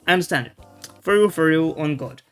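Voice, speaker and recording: A man's voice: on the high side, fairly quick, a bit bright. Rambling man narrating his gameplay. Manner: rambling, self-interrupting, casual slang and swearing. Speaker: video game streamer. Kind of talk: casual gameplay commentary. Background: faint game music.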